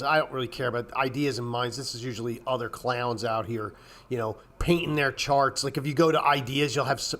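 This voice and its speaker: A man hosting a casual trading show, rambling bluntly with profanity and frequent throat clearing, working up into exasperated rants. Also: mid-range voice, a bit bright. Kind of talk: casual market commentary.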